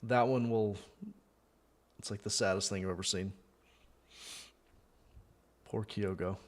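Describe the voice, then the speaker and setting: A man's voice: on the low side, fairly even intonation, moderate pace. A man hosting a fan watchalong, chatting casually through a live match and thinking aloud with many fillers. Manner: bursts into loud disbelieving shouts at goals.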